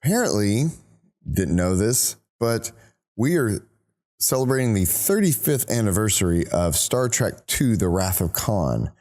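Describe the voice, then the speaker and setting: A man with a Texan accent hosting a podcast in casual chat, steering the talk with quick teasing. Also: on the low side, sing-song, darkish tone. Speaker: podcast host.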